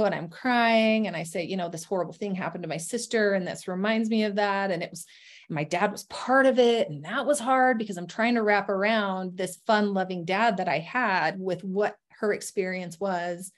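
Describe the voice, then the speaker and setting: A woman's voice: medium pitch, normal speed. Earnest woman sharing a personal testimony. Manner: earnest, candid, with frequent fillers and restarts. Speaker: guest telling her life story.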